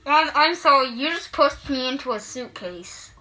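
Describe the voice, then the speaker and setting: A woman's voice: high voice, expressive, normal speed, pushed and bright, rough recording. A woman joining in pretend play, asking quizzical, teasing questions.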